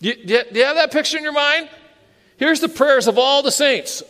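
A man's voice: very high-pitched, lively intonation, brisk, sharp tone. A man preaching a sermon as a pastor, conversational and self-deprecating, often laughing at himself. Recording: long hall reverb.

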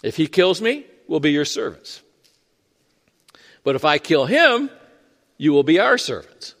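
A man voicing a boastful, mocking giant warrior who shouts his challenge, heard with the long reverb of a large hall. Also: a little high, very animated, measured pace, heavily acted. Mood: taunting. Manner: taunting, loud and defiant.

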